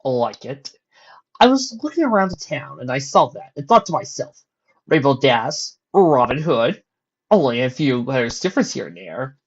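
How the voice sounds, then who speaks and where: A chaotic, mismatched male creature, jovial and theatrical, rolling out his lines with showman's flair, as a reader puts him on. The voice sits high and loud above the narration. The sound is dull and lo-fi. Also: very animated, moderate pace, slightly rough. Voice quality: theatrical, grandiose. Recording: dull lo-fi recording.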